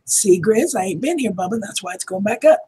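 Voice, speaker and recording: A woman with a Southern US accent, hoarse and losing her voice, chatting on a home livestream in a strained, half-whispered way. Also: medium pitch, lively intonation, a little fast, warm tone. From Tennessee. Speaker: livestream co-host. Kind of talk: casual chat.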